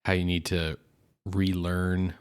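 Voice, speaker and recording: A man co-hosting a podcast in casual chat, stuffed up and congested, pushing his voice low. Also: level tone, slow pace, clean tone. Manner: talks low to hide a stuffed nose. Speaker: podcast co-host.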